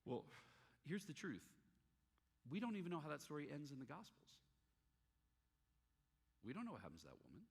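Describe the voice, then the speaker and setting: A man preaching a sermon, an animated storyteller who acts out the dialogue in his stories. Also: a little high, moderate pace, vocal fry, long pauses, husky. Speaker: pastor. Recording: long hall reverb.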